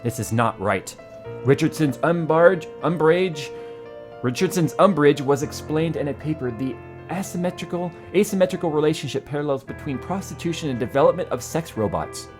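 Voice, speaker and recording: A man's voice: on the high side, animated, a little fast, music in the background. A man co-hosting a casual tech talk show, joking around and reading an article in a playful, dramatic way. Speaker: co-host. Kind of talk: casual tech podcast chat.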